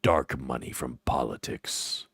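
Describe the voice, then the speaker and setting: A man putting on a deep, slow paranoid conspiracy theorist. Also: a bit bright, breathy edge, no echo, heavily acted. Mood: ominous. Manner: slow, ominous, low delivery. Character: paranoid adult male conspiracy theorist, grave.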